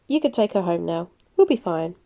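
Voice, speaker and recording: A woman's voice: on the low side, big pitch swings, a little fast, mellow. A woman voicing a composed male vampire leader who speaks mildly and curtly. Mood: calm. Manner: mild, curt.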